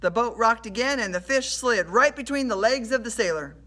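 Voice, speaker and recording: A woman reading a children's adventure story aloud in an animated storytelling way. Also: fairly high pitch, normal speed. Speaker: storybook reader.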